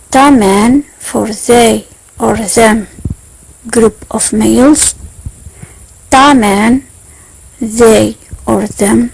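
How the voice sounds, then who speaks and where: A woman teaches a beginner lesson at a very slow, deliberate pace. Her voice is gravelly and a bit husky, and it sits somewhat high. She enunciates each word carefully and repeats every point. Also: a little mellow, low-quality recording. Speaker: language teacher.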